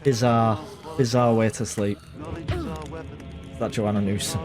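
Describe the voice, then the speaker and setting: A man commentating live gameplay, excitable, swearing and shouting at the game. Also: lowish voice, measured pace. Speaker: game streamer. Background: game music.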